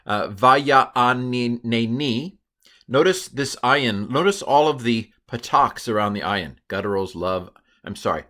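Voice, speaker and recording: Middle-aged male teacher, chatty and playful, bright voice, explaining Hebrew grammar. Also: lowish voice, expressive, moderate pace. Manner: chatty and self-correcting, with playful asides. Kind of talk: recorded lesson walking through slides.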